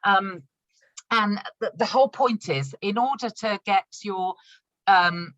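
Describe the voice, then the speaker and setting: Over a video call, a woman trains new consultants online, demonstrating products while she explains them in a chatty, upbeat manner with frequent laughter. She speaks slowly in a medium-pitched, slightly bright voice. The sound is lo-fi but has no echo.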